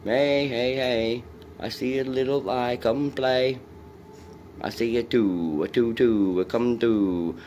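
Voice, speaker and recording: A man's voice: medium pitch, takes it slowly, a little mellow, a little hiss or hum. A man vlogging in a rambling, profane way, coaxing and talking to an unseen presence and his dog.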